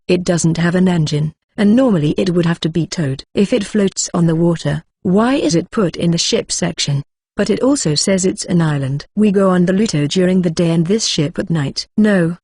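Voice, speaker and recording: Audiobook narrator, light novel; husky tone, all characters read in one plain voice. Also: mid-range voice, darkish tone, dry recording, clean studio sound. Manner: reads narration and every character's lines in the same plain voice. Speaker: audiobook reader.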